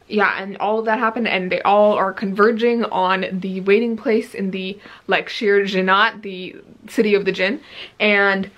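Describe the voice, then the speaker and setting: A young woman giving an excited reading-update vlog, gushing and breathless, with lots of filler words. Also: mid-range voice, a little slow, dull audio. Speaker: book vlogger.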